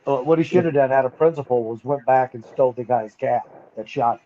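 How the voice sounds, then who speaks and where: A man's voice: medium pitch, quick pace, mellow, muffled recording. A man on a podcast jumping in with joking remarks in casual chat. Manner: joking interjections.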